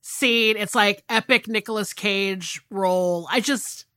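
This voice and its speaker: A woman's voice: medium pitch, takes it slowly, pushed and bright. A woman co-hosting a podcast, gushing with enthusiasm about a film scene. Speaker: podcast co-host. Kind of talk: casual movie chat.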